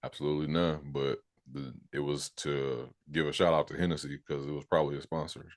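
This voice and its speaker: Deep-voiced laid-back man, dry sound. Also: flat delivery, brisk, dry recording. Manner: laid-back, joking, mimics characters. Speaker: podcast co-host. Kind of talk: casual TV recap chat.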